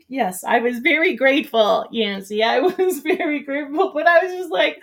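Lively woman telling a funny story. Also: high voice, normal speed, hardly any pauses. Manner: animated storytelling, laughs often, squeals when excited. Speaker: morning show co-host. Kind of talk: casual chat.

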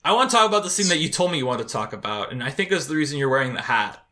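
A man co-hosting a podcast in casual chat, joking and animated, often laughing as he talks. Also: mid-range voice, very fast. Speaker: podcast co-host.

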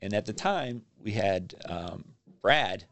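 A man's voice: fairly low pitch, slow pace, a little hiss or hum. A man, a magazine publisher, casually telling stories as a podcast guest and acting out what people said. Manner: animated storyteller acting out quotes. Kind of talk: casual storytelling interview.

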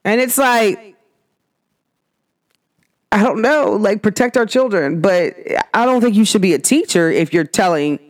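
A young woman hosting a podcast, talking in an emphatic, animated rant full of rhetorical questions. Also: mid-range voice, measured pace, pauses often. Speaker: podcast host. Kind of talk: casual monologue.

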